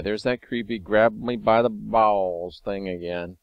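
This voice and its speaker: A man hosting a casual video monologue, talking wryly and sometimes excitedly as he reads and comments on scripture. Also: lowish voice, normal speed, hardly any pauses, no echo, lo-fi sound. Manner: conversational, wry, sometimes excited. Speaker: video host.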